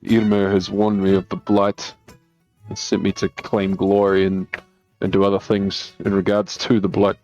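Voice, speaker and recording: Deep polite guy playing his character, dull lo-fi sound, faint music. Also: monotone, normal speed, a little mellow. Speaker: player. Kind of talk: playing a character in a tabletop game.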